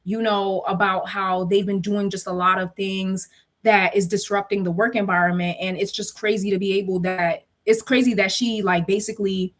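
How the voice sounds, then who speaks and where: A young woman telling a work story in casual chat, animated and slangy, laughing often and acting out quotes. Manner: acts out quotes with shrill pleading.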